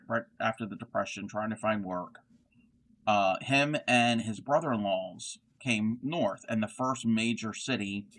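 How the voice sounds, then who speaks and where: Middle-aged man, fairly low voice, chatty livestream host who rambles between stitches. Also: a bit bright. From Baltimore area, Maryland. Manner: rambling, answers chat while crocheting. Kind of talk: casual live-stream chat.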